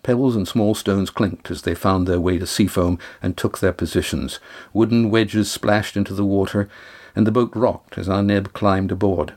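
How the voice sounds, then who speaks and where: A man narrating an audiobook chapter in a steady, measured way. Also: lowish voice.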